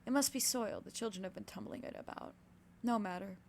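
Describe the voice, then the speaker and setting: A woman reading the lines of a withdrawn young wife from a classic novel, in a soft, wistful way with a gravelly voice. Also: mid-range voice, quick pace, a little hiss or hum, natural voice. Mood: aloof. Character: languid withdrawn young wife, quietly stubborn.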